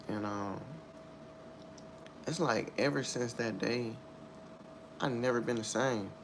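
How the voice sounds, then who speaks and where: A young man giving a candid personal account in a halting, repetitive, subdued way, circling back over his words. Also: lowish voice, slight background noise. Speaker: storyteller sharing a personal loss.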